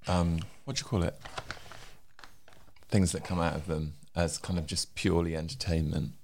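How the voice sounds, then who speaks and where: A man's voice: low voice, little pitch movement, moderate pace, a little mellow, slight background noise. A man co-hosting a podcast in casual chat, wry and teasing. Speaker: podcast co-host.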